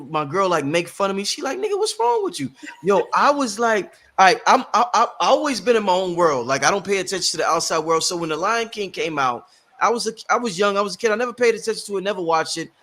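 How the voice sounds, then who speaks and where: A man in his thirties hosting a livestream, telling stories in an animated, slangy way and often repeating words. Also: sits high, a little fast. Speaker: livestream host. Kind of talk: casual livestream chat.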